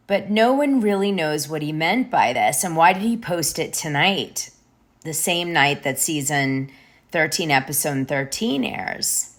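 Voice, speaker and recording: A woman's voice: on the low side, lively intonation, unhurried, a bit bright. A woman hosting a gossip show, recapping reality TV episodes in a chatty, conspiratorial way.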